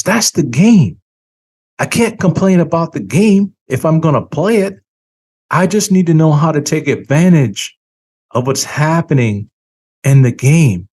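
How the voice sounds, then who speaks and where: A man with a fairly high, slightly mellow voice hosts a finance channel, delivering an opinionated monologue. He sounds a little tired and leans hard on key words, drawing out his emphatic stresses.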